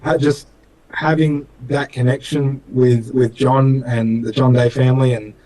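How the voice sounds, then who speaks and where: A man's voice: medium pitch, little pitch movement, a little slow, mellow, low-quality recording. Earnest young Australian man rambling. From Western Australia. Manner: earnest, rambling storyteller with many fillers. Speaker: racing driver guest. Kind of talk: casual storytelling interview.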